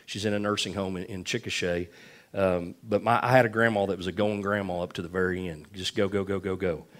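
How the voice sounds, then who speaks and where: A man's voice: deep voice, fairly even intonation, a little fast, fairly bright tone. A middle-aged man preaching a sermon, telling folksy stories with lots of repetition. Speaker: pastor.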